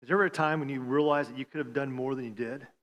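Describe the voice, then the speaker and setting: A man preaching a sermon, stammering on restarts and swinging from loud appeals to hushed lines. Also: mid-range voice, steady tone, racing. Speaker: pastor.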